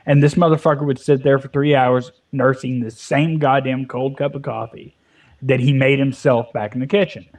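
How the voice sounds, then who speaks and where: A man in his twenties co-hosts a Minecraft let's play, launching into a long, profane rant as a storyteller during casual gaming chat. His mid-range voice is slightly mellow, with fairly even intonation and a normal speed. He's on a headset or desk mic whose volume fades at times.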